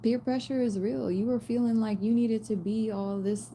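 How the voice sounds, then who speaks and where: Blunt slangy woman with a mellow voice. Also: a little high, moderate pace, few pauses, slight background noise. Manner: blunt, swearing, slangy and animated. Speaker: spiritual reader. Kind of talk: casual spiritual message to viewers.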